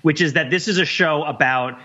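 A man co-hosting a podcast, talking in a quick, wordy, analytical way in casual chat. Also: fairly high pitch, pushed and bright, slightly rough, highs cut off. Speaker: podcast co-host.

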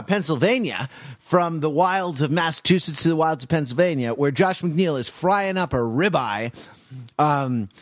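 A man's voice: a little high, a bit bright, no room sound. A man hosting a podcast, rambling and playful, with lots of fillers. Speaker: podcast host. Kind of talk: casual podcast banter.

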